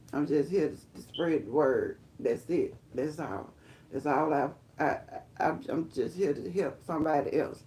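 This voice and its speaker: A woman telling her life testimony on a live stream, rambling and emphatic, talking straight to viewers as y'all and breaking into high excited exclamations. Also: creaky. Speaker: livestream host sharing her testimony.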